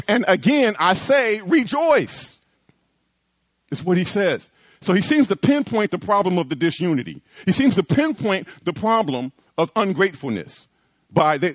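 In a dry recording, a high-voiced male pastor delivers a sermon to his congregation at a moderate pace. He preaches with animation, using repetition and emphatic rises to build intensity.

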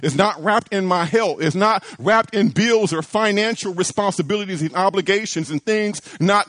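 A man's voice: sits high, normal speed, few pauses, no room sound. A man preaching a sermon to his church, building emphasis with repeated phrases and rising lines. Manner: animated preaching with repetitions and emphatic rises. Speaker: pastor.

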